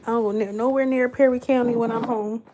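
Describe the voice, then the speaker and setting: A woman chats loosely with her livestream audience, giggling often between thoughts. Her voice is sweet and sits a little high for a woman. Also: steady tone, fast talker, warm tone, slight background noise. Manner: giggly, chatty, talks back to chat. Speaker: livestream host. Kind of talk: casual livestream chat.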